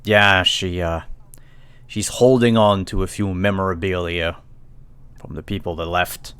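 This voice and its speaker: A man runs a tabletop game for a live stream, describing each scene at an unhurried pace. His voice sits fairly low. He pauses often and restarts his sentences. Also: fairly even intonation, a bit bright, clear, resonant tone. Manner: hesitant, full of ums and restarts. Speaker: game master. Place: home streaming setup.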